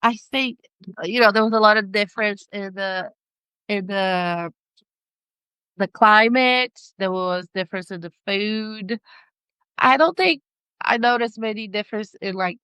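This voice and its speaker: A woman's voice: mid-range voice, unhurried, pauses often, pushed and bright, smooth, no room sound. A middle-aged woman speaking English with a non-native accent, chatting as a podcast guest and laughing often as she searches for words. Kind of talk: casual interview chat.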